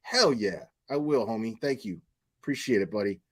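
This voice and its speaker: A man doing casual live commentary, telling profane, animated anecdotes and laughing often. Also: on the low side, normal speed, husky. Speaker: commentary streamer.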